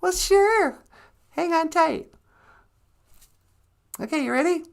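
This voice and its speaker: A man's voice: very high voice, animated, takes it slowly, gravelly, voice pushed up, full character voice. A man voicing a cheerful female sidekick who teleports people, with a sweet, sing-song tone.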